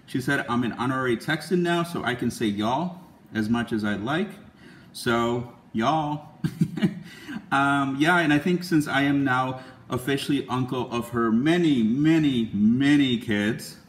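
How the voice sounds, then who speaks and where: A man's voice: mid-range voice, measured pace, reverberant. A young man hosting a casual cooking vlog, upbeat and chatty, with lots of ums and small laughs. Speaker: cooking channel host.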